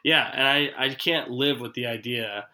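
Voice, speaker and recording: A man's voice: medium pitch, moderate pace, bright, forceful tone, low-quality recording. A man hosting a podcast conversation in an earnest, reflective way, retelling stories with quoted dialogue. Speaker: podcast host. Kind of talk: casual conversational interview.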